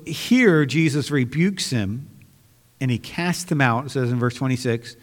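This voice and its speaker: A man's voice: mid-range voice, animated, moderate pace, fairly bright tone, big-room sound. A man preaching a sermon as pastor, earnest and conversational, often restarting his sentences.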